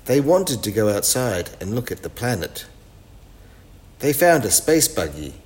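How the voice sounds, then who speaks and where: A man reading a children's storybook aloud in a clear, expressive way. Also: on the low side, measured pace, a little hiss or hum.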